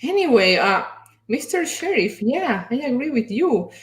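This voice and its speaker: A higher-pitched woman hosts a casual livestream, chatty and effusive as she welcomes viewers one by one. Her voice swings widely in pitch. The room around her rings with a noticeable echo. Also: sing-song, measured pace. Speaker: host. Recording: roomy echo.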